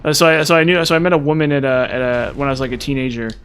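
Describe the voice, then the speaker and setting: A man's voice: mid-range voice, very fast, fairly bright tone, clean tone. A man with a mild Utah accent, chatting casually with viewers on a live stream. He rambles, repeats words and uses many fillers. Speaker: gaming streamer.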